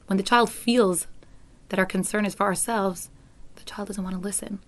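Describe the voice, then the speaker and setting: A woman's voice: mid-range voice, steady tone, normal speed. Earnest woman parenting educator. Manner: earnest, acts out teacher voices in quotes. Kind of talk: talk to parents.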